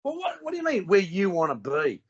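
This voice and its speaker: A man in a heated argument, cross-examining his opponent with profane, rapid-fire questions. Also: sits high, huge pitch swings, slightly rough, no echo, lo-fi sound. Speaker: debater.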